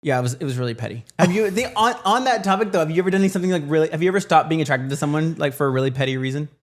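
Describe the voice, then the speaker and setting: A man's voice: on the high side, expressive, very fast. A man co-hosting a podcast, chatting casually and animatedly, often restarting his sentences. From Texas, United States. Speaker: podcast co-host. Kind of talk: casual chat.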